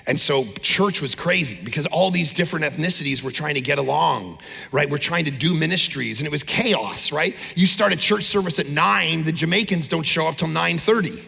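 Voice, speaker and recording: A man preaching an energetic sermon, his voice high and heavily gravelly. His tone is bright and husky. He pushes up into shouts and acts out the people he describes, and a long hall reverb trails each line. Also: fairly quick. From Canada. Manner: animated, shouting peaks, mimics people. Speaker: pastor. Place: large church auditorium.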